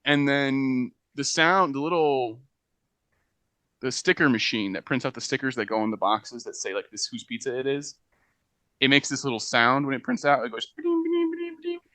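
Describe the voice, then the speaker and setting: A young man spins a work story for a podcast, animated and quick to laugh. His tone is bright and pushed forward, recorded dry and close with no room sound. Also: mid-range voice, dry recording. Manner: animated anecdote-telling, laughing often, acting out quotes. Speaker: podcast co-host. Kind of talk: casual storytelling chat.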